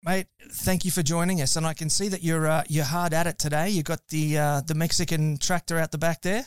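A man's voice: a little high, steady tone, a little fast, smooth, dry recording, studio quality. An Australian man hosting a podcast, chatting in an upbeat, casual way with loose fillers. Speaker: podcast host. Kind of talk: live podcast chat.

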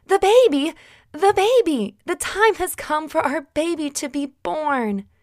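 A woman voicing young Mary, a gentle young woman, in a higher voice for a children's story. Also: very animated, slow, dry recording, clean studio sound. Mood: excited.

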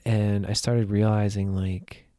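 A man, a musician guest on a podcast, speaking gently with searching, hesitant phrasing. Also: lowish voice, little pitch movement, measured pace, dry recording, clean studio sound. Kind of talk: casual heartfelt conversation.

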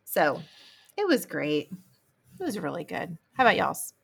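Woman, podcast co-host, casual chat, strong vocal fry, lowish voice. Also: huge pitch swings, unhurried, a bit bright. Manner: chatty, laughs between thoughts.

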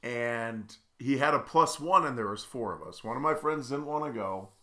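Young guy cohost, bright tense voice, kinda tired and stuffed up, rambles with lots of ums. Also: medium pitch, normal speed. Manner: rambling storyteller, lots of fillers. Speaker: podcast co-host. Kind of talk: casual chat.

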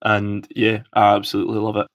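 A man's voice: on the low side, completely flat delivery, a little fast, lo-fi sound. A Scottish man from Scotland leaving an enthusiastic, rambling call-in question for a podcast. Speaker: caller. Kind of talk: recorded voicemail question.

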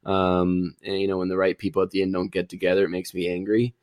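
A man's voice: deep voice, monotone, fast talker, a little mellow, dry recording, studio quality. A man in casual chat, retelling a movie plot in a rambling, easygoing way.

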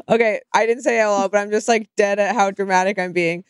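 A woman's voice: medium pitch, fairly even intonation, clean tone, no echo. A young adult woman co-hosting a podcast, wry and self-deprecating in casual chat. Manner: wry and self-deprecating, rushes through read-out quotes. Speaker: podcast co-host.

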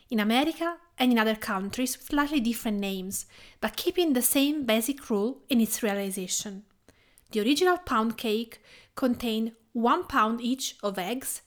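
A woman from Tuscany with an Italian accent, Italian her first language, hosting a cooking podcast in a measured, carefully read narration. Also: a little high, a bit bright. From Tuscany, Italy. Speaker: podcast host and cooking teacher.

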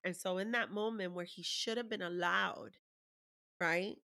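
Woman, candid storyteller, bright forward tone, emotional and profane, conversational. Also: fairly low pitch, fairly even intonation, measured pace, creaky. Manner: raw, emotional, swears freely.

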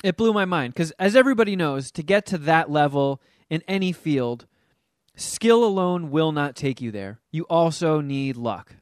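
A man's voice: fairly high pitch, moderate pace, no room sound, studio quality. A man chatting casually about a movie he watched, swearing freely and slipping into mocking voices as he retells scenes. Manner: profane, animated, does mocking voices in quotes. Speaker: podcast co-host reviewing a movie. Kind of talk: casual chat.

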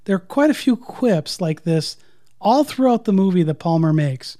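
Mellow-voiced man discussing films. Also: high voice, animated, moderate pace. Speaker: podcast co-host. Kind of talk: casual film discussion chat.

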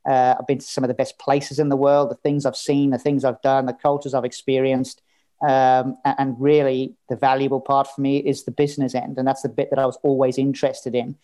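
A man chatting as a podcast guest, candid and easygoing. He tells stories at an everyday middle pitch and drops the odd swear word. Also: level tone, a little fast, warm tone. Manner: candid, storytelling, swears casually. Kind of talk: casual interview chat.

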